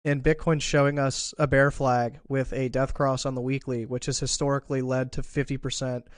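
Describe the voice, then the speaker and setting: A man's voice: mid-range voice, level tone, moderate pace, no room sound. A man casually breaking down market charts. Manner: casual, thinking aloud with fillers and restarts. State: has the hiccups. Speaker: crypto trading streamer. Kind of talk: live market analysis chat.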